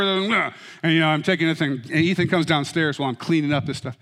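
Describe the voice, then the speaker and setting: A middle-aged man preaching a sermon as pastor, with humorous, animated storytelling. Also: a little high, fast talker. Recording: reverberant hall.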